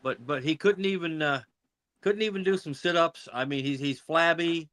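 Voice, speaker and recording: A man's voice: fairly high pitch, normal speed, fairly bright tone. A man in a casual chat among comedians, giving rambling, opinionated takes. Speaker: comedian guest.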